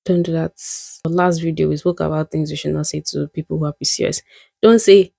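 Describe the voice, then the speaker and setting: A young woman with a low voice and a gravelly fry talks to camera in a candid, musing vlog. She often laughs at herself. The sound is dry and close. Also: normal speed, warm tone, no room sound. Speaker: vlogger. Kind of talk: reflective casual monologue.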